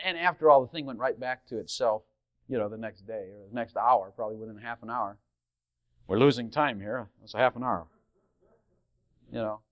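A man preaching a sermon to a congregation, asking rhetorical questions and swinging into loud emphatic passages. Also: fairly high pitch.

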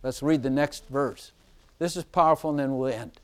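A man preaching an informal sermon, chatty and often laughing, slowing down to stress scripture lines. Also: medium pitch, clean tone.

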